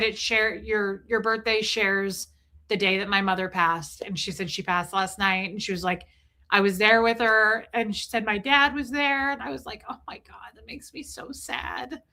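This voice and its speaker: Bright-voiced woman livestream host. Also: medium pitch. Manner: rambling and emotional, thanking viewers. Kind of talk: casual livestream chat.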